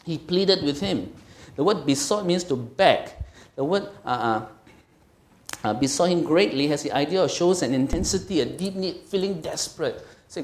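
A middle-aged man preaching a sermon as a pastor, conversational and emphatic, often checking in with his listeners. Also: a little high. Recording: echoey room.

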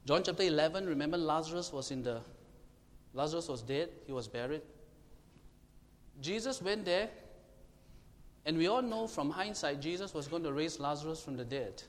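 A man preaching a sermon, emphatic and questioning his congregation, now and then shouting to make a point. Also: fairly high pitch, expressive, moderate pace, pauses often. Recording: long hall reverb, faint room noise.

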